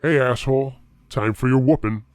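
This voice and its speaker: A man voicing a big, furious husband who snarls loud threats. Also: low voice, fast talker, dry recording, voice pushed down, natural voice. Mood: menacing.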